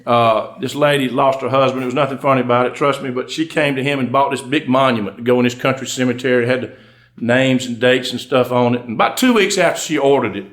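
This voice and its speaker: A man's voice: mid-range voice, fast talker, a bit bright. A middle-aged man with a Southern US accent, a country undertaker telling folksy comic stories to a live audience. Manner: folksy, drawling, breaks into laughs at punchlines. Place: stage before a live audience.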